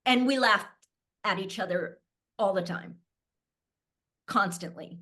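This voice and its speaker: A woman's voice: medium pitch, takes it slowly, bright, forceful tone. A middle-aged woman speaking candidly as a panel guest, telling stories and laughing often. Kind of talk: conversational panel talk.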